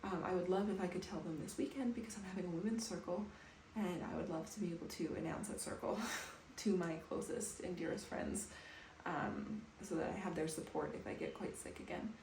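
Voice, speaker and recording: A woman in her thirties talking softly and calmly to camera in a personal home vlog. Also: fairly low pitch, brisk, few pauses. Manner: soft, calm, reflective. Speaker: vlogger. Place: bathroom at home, indoors. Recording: echoey room with faint background noise.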